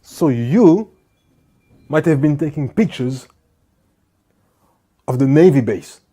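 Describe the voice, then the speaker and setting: A man's voice: on the high side, lively intonation, slow, warm tone, husky, exaggerated voice. A man retelling a story, voicing a pushy female police officer who demands to check his camera. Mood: insistent.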